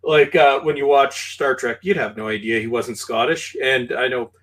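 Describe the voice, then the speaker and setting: A man from Canada with a Canadian accent, a podcast guest talking films in an animated, halting way full of fillers. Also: medium pitch. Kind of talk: casual film discussion.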